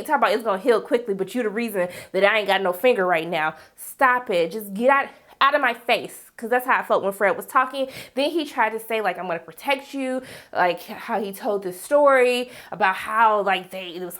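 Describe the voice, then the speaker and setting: A woman's voice: on the high side, moderate pace. A woman reviewing a TV episode in a casual, sassy recap, acting out the characters' lines. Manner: animated, sassy, acts out characters in raised voice. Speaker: TV show reviewer.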